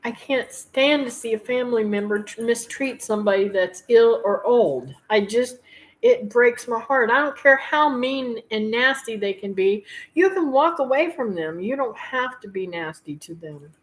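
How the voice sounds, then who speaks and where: A middle-aged woman hosting her homestead channel, talking to her viewers in a heartfelt, rambling way with filler pauses and tearful moments. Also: on the high side, lively intonation, poor audio. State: tearful at times. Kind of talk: emotional personal talk to viewers.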